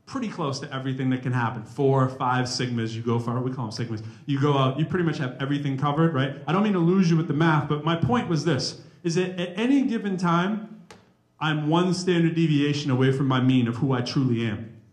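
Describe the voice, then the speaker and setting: A man with a fairly high, animated voice talks to a college audience in a playful, joking way. He holds a handheld mic. The sound is roomy and echoing, as in a campus hall. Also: fairly quick. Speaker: rapper and math professor giving a talk. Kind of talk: lively campus talk with humor. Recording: echoey room.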